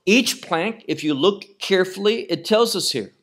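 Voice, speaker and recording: A man teaching a Bible study lecture, speaking deliberately and repeating phrases for emphasis. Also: high voice, animated, a bit bright.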